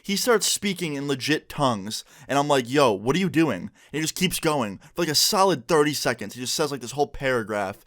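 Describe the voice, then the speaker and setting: A young man in a casual storytime vlog, speaking in an animated way and swearing freely. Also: mid-range voice, fairly quick, few pauses. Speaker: YouTuber.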